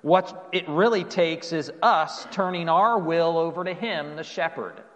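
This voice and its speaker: Man, sermon, pastor, slightly high voice, earnest, soft trailing endings, long hall reverb. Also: measured pace, muffled recording.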